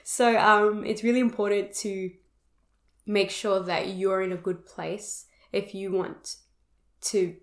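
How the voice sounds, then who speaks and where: A woman's voice: medium pitch, flat delivery, slow. A young adult woman co-hosting a podcast, speaking in a reflective, supportive way in casual chat, with frequent "um" and "like". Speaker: podcast co-host. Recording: roomy echo.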